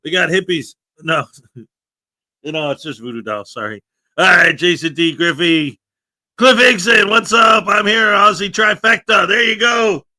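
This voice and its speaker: A man hosting a live stream, upbeat and shouty as he greets chatters by name. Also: high-pitched, measured pace, a faint crowd. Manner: upbeat, shouty, reads out chat names. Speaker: livestream host. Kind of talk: casual live-stream chat.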